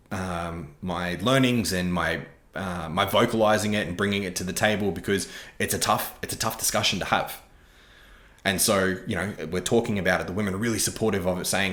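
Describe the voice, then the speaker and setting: Deep voiced aussie guy doing a solo podcast, earnest and open, swears a bit, echoey room. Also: steady tone, a little fast, fairly bright tone. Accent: Australian. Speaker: podcast host. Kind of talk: reflective solo podcast monologue.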